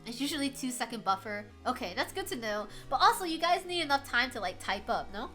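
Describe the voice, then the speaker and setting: A woman's voice: high voice, animated, a little fast, pushed and bright, faint music behind. A young woman streamer chatting casually and rambling into a headset mic, with a slight lisp from her retainers, laughing often and swearing casually. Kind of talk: casual live-stream chat. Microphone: headset microphone at a home streaming setup.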